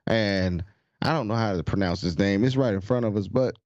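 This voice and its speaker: A man's voice: fairly low pitch, fairly quick, a little mellow, dry recording, lo-fi sound. A man co-hosting a podcast in casual sports chat, laid-back and slangy, often restarting his sentences. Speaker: podcast co-host.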